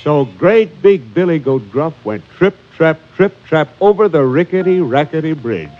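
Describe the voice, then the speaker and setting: A man's voice: fairly high pitch, animated, unhurried, hardly any pauses, very noisy. A man telling a children's story in a playful rhythmic chant, on a dull recording with music playing.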